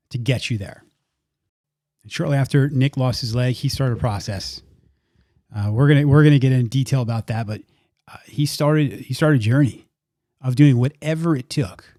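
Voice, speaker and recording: A podcast host with a warm, mid-range voice opens with an earnest introduction before interviewing his guest. He often repeats words while gathering his thoughts, and the audio is clean studio sound with no echo.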